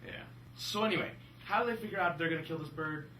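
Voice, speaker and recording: A young man co-hosting a casual movie-review chat, animated and jokey. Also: fairly high pitch, fast, slight background noise. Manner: animated, jokey, slips into silly voices. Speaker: film review podcast co-host. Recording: roomy room from a distance.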